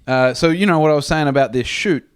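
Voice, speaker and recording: A man's voice: fairly high pitch, fast, clean tone, dry recording, clean studio sound. Crude, rambling man storyteller. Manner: rambling, crude, laughs at his own jokes. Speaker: comedy podcast co-host. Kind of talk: casual storytelling chat.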